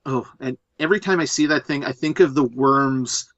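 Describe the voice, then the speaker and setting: A man hosting a casual movie commentary podcast, riffing in an animated, profane way. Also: mid-range voice, moderate pace, no echo, muffled recording. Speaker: podcast host.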